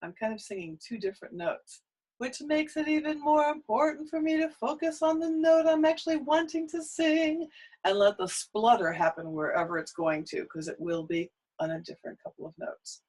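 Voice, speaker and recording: A woman teaching a singing lesson, guiding vocal warm-ups with short prompts and often running out of breath. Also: high-pitched, normal speed, rough recording. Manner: encouraging, cueing exercises with short prompts. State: out of breath between exercises.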